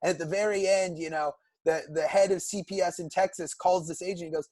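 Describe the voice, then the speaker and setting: A man's voice: fairly high pitch, steady tone, brisk, hardly any pauses, a little mellow, no echo. Upbeat young man recapping a cartoon. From California. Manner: enthusiastic, recounts plots at length. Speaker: podcast co-host. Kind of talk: casual chat.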